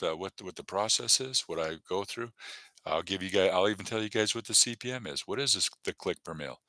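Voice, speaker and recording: Lively joking man with a bright voice. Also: lowish voice, no room sound. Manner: rambling, jokey, many fillers. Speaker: comedy channel host. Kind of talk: casual live-stream chat.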